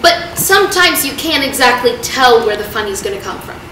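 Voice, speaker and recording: A teenage girl pours out a confessional one-woman stage monologue, quick to joke and quick to sound tearful. Her voice sits high and leaps all over the place. She is heard in a very echoey theater with clear room noise behind her. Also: distant mic. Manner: animated, confessional, swings from joking to tearful. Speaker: stage performer.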